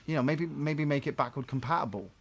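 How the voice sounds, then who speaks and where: A man co-hosting a game review show, casually commentating gameplay with jokes, swearing and loud acted-out bursts. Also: fairly high pitch, quick pace, creaky. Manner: animated, jokey, acts out game characters in loud bursts, swears.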